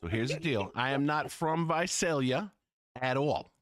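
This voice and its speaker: A man's voice: medium pitch, expressive, measured pace, dry recording, clean studio sound. A man from Central California hosting a casual gaming stream, joking and rambling as he chats. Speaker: streamer host.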